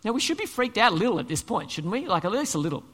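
A male pastor preaching a sermon, conversational and animated, asking the congregation rhetorical questions. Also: high-pitched, rapid-fire, in a large hall. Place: church hall.

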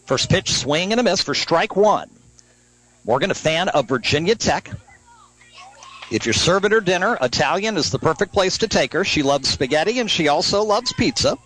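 A man calling a youth softball game live as a radio play-by-play announcer, brisk and lifting on big plays. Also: high voice, lively intonation, rough recording. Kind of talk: live sports play-by-play commentary.

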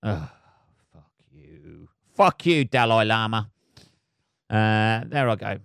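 A man's voice: fairly low pitch, takes it slowly, fairly bright tone, clear, resonant tone, dry recording, studio quality. A man hosting a solo podcast, swearing constantly and rambling sarcastically. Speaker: podcast host.

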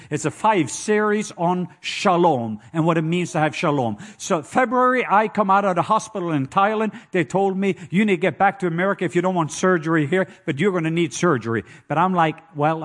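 A man with a Norwegian accent preaching a sermon, telling stories and joking with the congregation. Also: high voice. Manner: storytelling, playful asides to the congregation.

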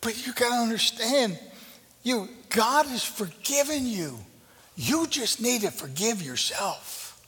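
A man preaching a sermon as pastor, conversational and earnest, dropping to a hushed intensity. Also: very high-pitched, very animated, slow pace, husky. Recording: reverberant hall.

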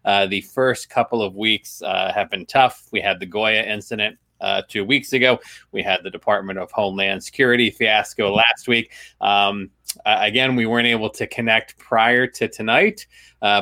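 A middle-aged man co-hosting a casual podcast, talking in a dry, deadpan way. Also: lowish voice. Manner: dry, deadpan delivery with many uh fillers. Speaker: podcast co-host.

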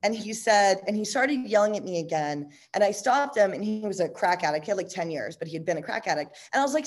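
A woman candidly telling a personal story in a blunt, profane, animated way, full of "like" and "you know," and quick to laugh. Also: mid-range voice.

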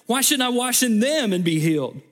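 A man's voice: a little high, lively intonation, fast, a little mellow. A man voicing a proud, indignant foreign army commander in a raised, offended voice. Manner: offended, huffy.

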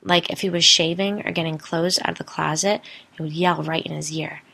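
A woman reading the part of a haunted young woman who tells her story in a quiet, matter-of-fact way. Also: low-pitched, fairly even intonation, a little fast, creaky, heavily acted. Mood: recounting.

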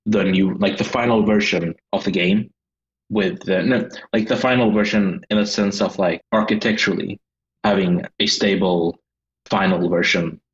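A man's voice: low-pitched, fairly even intonation, moderate pace, dull audio. A man with a Swedish accent, a game designer talking hesitantly as a guest and searching for his words. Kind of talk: casual interview chat.

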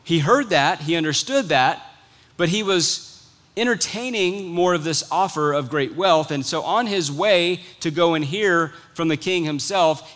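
A man's voice: a little high, fairly bright tone. A man preaching a sermon, retelling a story earnestly before exhorting his listeners. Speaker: pastor.

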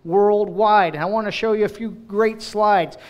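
A man preaching a sermon about ministry, expressive, acting out quoted voices and often restarting phrases. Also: high-pitched, a little slow, highs cut off. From United States. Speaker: director of global partnerships speaking in church.

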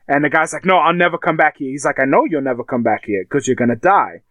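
A man chatting casually, retelling TV scenes with animated, crude language. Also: a little high, fast talker, few pauses, no room sound. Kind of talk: casual chat.

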